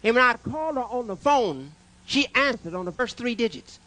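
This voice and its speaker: A male comedian on a club stage, his voice pitched unusually high and sharp, bouncing through a wide, animated range. He fires off brash one-liners and teases the audience between jokes. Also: moderate pace, slight background noise. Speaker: stand-up comedian. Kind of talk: stand-up comedy with crowd work.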